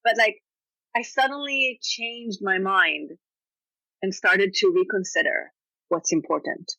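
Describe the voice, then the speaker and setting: A woman speaking as a podcast guest, animated and reflective, often laughing between thoughts. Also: medium pitch, unhurried, vocal fry, no room sound, muffled recording. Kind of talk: podcast interview conversation.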